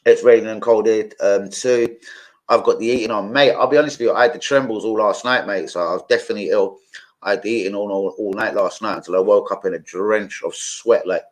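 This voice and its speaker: A man hosts a live football watch-along, his voice sitting a little low. He talks in a loose, rambling way, drifting into side stories and peppering his chat with swearing as he addresses his viewers directly. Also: fairly even intonation, fairly quick. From London. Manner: rambling, swears freely, chatty asides to viewers.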